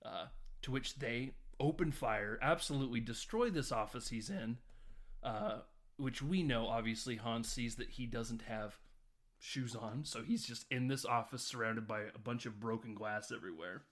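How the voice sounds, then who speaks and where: A man's voice: medium pitch, moderate pace, fairly bright tone. A man co-hosting a film podcast, casually recapping scenes in a loose, rambling way full of fillers. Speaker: podcast co-host.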